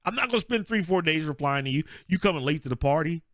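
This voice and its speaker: In a dry, studio-quality recording, a man with a fairly high pitch talks fast as a podcast co-host. The sports chat is casual, and he narrates with lots of laughter while acting out people's words.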